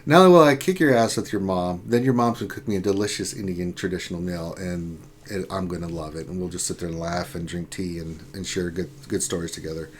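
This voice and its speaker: Low-voiced joking male stream host. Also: fast talker, hardly any pauses, slight background noise. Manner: laughs often, joking and excitable. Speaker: livestream host reading chat. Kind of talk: casual gaming chat.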